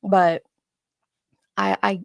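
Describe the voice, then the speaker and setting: A chatty woman in her forties hosts a live stream, greeting viewers by name and laughing often. Her voice has a gravelly, fried edge, and the sound is close and dry with no room around it. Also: medium pitch, flat delivery, extremely slow, no echo. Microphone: streaming setup microphone.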